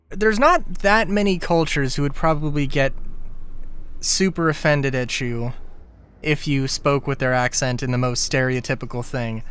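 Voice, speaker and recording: A man's voice: mid-range voice, fairly bright tone, clean tone. A man livestreaming a game, chatting casually in a rambling, self-interrupting way and breaking into laughs often. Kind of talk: casual chat while gaming.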